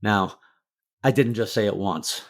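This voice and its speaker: Speaking a little slowly in a fairly low voice, a middle-aged man recounts a difficult personal story as a podcast interview guest. He's a motivational speaker, and he's open and emotional, cursing freely and leaning on "like" as filler.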